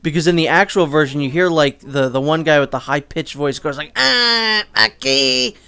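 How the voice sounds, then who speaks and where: A man's voice: fairly high pitch, fairly even intonation, fairly quick, a bit bright, smooth, dry recording. A man giving casual, rambling gameplay commentary as a let's play host, restarting sentences and swearing now and then. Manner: rambling and chatty, with frequent restarts and sudden swearing.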